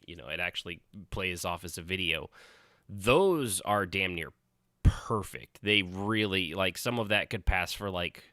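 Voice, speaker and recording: A man's voice: low voice, sharp tone, smooth, dry recording, clean studio sound. A man hosting a podcast in casual chat, rambling and swearing freely. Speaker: podcast host.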